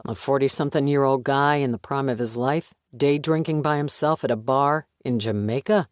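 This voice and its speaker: A man's voice: medium pitch, moderate pace, clear, resonant tone, dry recording, studio quality, natural voice. A man voicing a persuasive, needling FBI boss with a coaxing, slightly raised tone.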